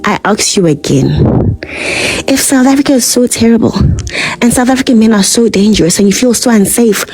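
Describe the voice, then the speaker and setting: A woman's voice: mid-range voice, lively intonation, moderate pace, darkish tone, slightly rough, low-quality recording. A woman delivering a scornful online rant, heavy with "like" fillers and insults.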